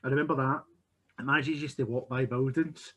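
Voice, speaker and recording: A man's voice: medium pitch, steady tone, a little fast, sharp tone, slight background noise. A man co-hosting a casual film chat, meandering and questioning himself as he talks. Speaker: podcast co-host.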